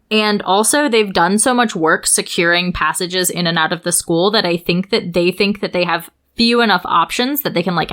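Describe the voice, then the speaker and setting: A woman's voice: mid-range voice, a bit bright. A woman in a casual podcast chat, thinking her answers through aloud.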